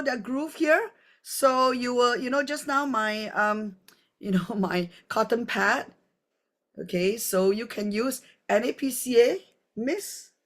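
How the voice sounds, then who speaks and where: A woman walks viewers through a skincare gadget in a live demo. Her voice sits a little higher than most women's. She rambles chattily and scatters fillers through every sentence. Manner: chatty, rambling, full of "you know" fillers. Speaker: skincare product presenter. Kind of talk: live product demonstration.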